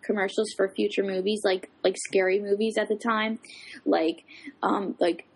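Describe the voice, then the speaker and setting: This is a woman in a relaxed, casual chat, telling a story in a loose, rambling way. She leans on fillers and asides as she goes. Her voice has a gravelly, slightly husky texture. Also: mid-range voice, moderate pace.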